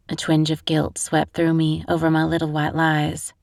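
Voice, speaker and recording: A woman's voice: low-pitched, little pitch movement, normal speed, hardly any pauses, no echo, studio quality. Woman narrating a romance audiobook. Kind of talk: first-person audiobook narration.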